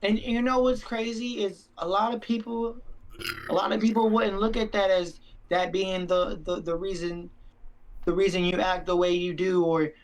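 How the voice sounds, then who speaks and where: Earnest young man, high voice. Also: steady tone, normal speed, rough recording. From Mexican-American. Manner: earnest, sincere, repeats himself. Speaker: stream co-host. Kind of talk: heartfelt casual chat.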